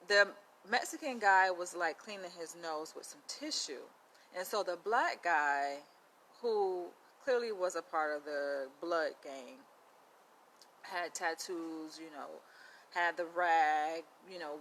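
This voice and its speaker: Bright-voiced woman telling a story. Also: on the low side, slight background noise, poor audio. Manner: chatty, animated, lots of "like" and "you know". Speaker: vlogger. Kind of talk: casual storytelling to camera.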